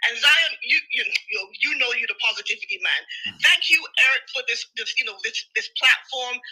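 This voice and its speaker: A woman from Europe speaking as a guest on an audio call, energetic and enthusiastic as she praises the others. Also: fairly high pitch, fairly quick, husky, poor audio. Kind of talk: casual call remarks.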